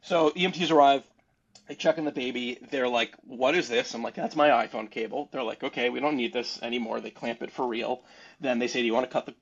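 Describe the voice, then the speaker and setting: Husky man telling a wild story. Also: mid-range voice, fairly quick. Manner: animated, rambling, laughing between lines. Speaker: podcast guest. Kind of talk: casual storytelling. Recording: dull lo-fi sound.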